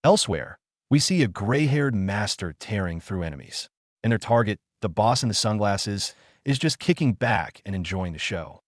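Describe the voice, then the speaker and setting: A man with a low voice tells a dramatic story recap in a hyped way, his pitch swinging widely from line to line. He drops in casual asides to the listener, and the sound is dry and close. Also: animated, normal speed, no room sound. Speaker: recap narrator.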